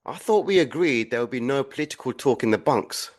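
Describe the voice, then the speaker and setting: A man playing a clueless, grumpy soldier in an audio comedy, blunt and gruff. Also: medium pitch, animated, fairly quick, natural voice. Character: dim, grumpy male soldier bunkmate.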